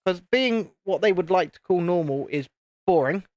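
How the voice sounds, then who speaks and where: Building during a live stream, a late-thirties British man from the UK who hosts a YouTube channel chats casually, rambling and breaking off mid-thought. His voice sits high, is expressive and a little mellow, and moves at normal speed. The recording is dry.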